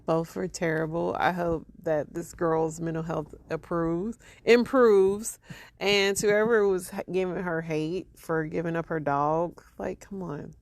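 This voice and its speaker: A woman's voice: fairly low pitch, steady tone, measured pace, few pauses. A woman from the United States hosting a podcast, reacting to clips in a chatty, hesitant way with many fillers. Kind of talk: casual reaction commentary.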